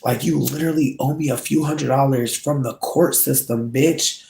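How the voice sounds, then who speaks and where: Candid vlog rant, heavy cursing, gravelly tone, echoey room. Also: fairly even intonation, normal speed, dark tone, slight background noise. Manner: angry, heavy swearing, pitch swings from low mutter to high strained outbursts. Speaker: vlogger.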